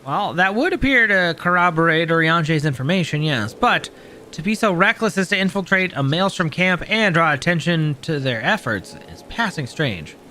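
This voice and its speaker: Guy reading a proper young scholar type, formal and bright-sounding. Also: fairly high pitch, expressive, a little hiss or hum. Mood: earnest. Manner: measured, formal wording.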